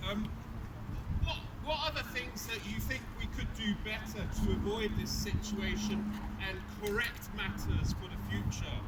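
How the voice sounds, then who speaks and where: A man's voice: high voice, fairly even intonation, a little slow. A man in the audience at a rally asking the speaker a question, hesitant and full of fillers. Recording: distant, with loud street and traffic noise.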